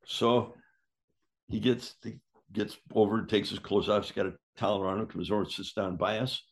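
A man's voice: lowish voice, moderate pace, vocal fry. An older man, a former wrestler, casually telling a story, acting out what people said and swearing freely. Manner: lively yarn-spinner who acts out quotes and swears freely.

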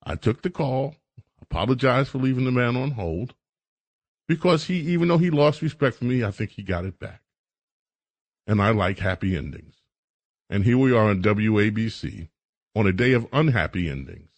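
Joking radio host, slightly husky. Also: male voice, mid-range voice, animated, normal speed, pauses often, no room sound. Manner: joking, teasing, apologetic with callers. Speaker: radio talk show host. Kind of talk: call-in radio talk.

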